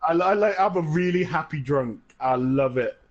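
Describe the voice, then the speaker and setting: A man's voice: fairly high pitch, expressive, normal speed, dull audio. A young man co-hosting a podcast, telling rambling anecdotes in casual chat and swearing freely. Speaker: podcast co-host.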